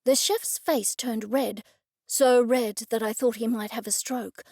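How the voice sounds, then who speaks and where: A woman narrating a cozy mystery audiobook in first person, wry and even. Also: a little high, normal speed, dry recording, studio quality.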